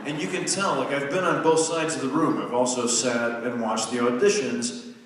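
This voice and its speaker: A man in his forties giving a humorous, self-deprecating talk to a live audience, telling stories conversationally with quick restarts. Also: medium pitch, fairly even intonation, heavy background noise. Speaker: guest speaker. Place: large lecture hall. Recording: distant mic in an echoey hall.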